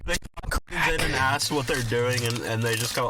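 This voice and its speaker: A man co-hosting a casual late-night podcast from a parked car, crude and profane, with deadpan teasing. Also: medium pitch, moderate pace. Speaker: podcast co-host. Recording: background noise.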